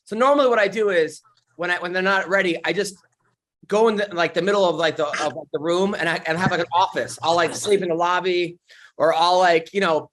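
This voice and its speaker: A man's voice: high voice, fairly quick, fairly bright tone. A man telling stories on a comedy podcast, casual chat, rambling with lots of fillers and restarts.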